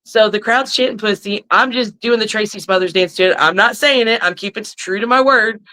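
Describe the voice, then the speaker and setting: A woman who is a professional wrestler, a guest on a podcast, telling lively stories and cursing freely. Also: mid-range voice, a little fast, rough recording. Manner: animated storyteller who curses freely. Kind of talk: casual podcast chat.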